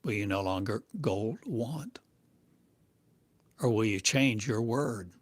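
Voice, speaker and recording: Male spiritual teacher, channeled sermon, low voice, very slow and halting, dry close sound. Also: expressive, no echo. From United States. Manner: slow, halting, cryptic phrasing.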